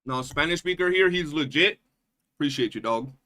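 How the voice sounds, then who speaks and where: Slangy New streamer guy, bright voice. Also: a little high, expressive, normal speed, slight background noise. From New York. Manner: loose, profane, slangy, keeps saying bro. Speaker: livestreamer. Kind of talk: casual chat with viewers.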